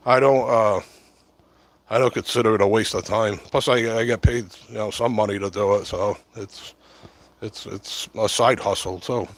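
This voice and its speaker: A middle-aged livestream host with a lowish voice chats casually from home, meandering and using lots of fillers. He talks close to a short-corded mic right at his camera, and the recording is dry.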